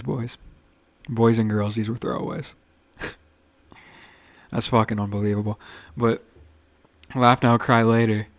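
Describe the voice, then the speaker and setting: A young man hosting his own podcast in a loose, rambling way. He swears freely, stumbles over his words and restarts, and sounds a bit nervous. The sound is dry and close, with no room echo. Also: medium pitch. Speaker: podcast host. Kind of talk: casual solo podcast rant.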